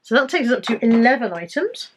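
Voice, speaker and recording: A woman's voice: fairly high pitch, sing-song, fast, noisy background. A British woman vlogging casually about items she bought to resell, chatty and rambling with self-corrections. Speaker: resale vlogger. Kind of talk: casual haul vlog.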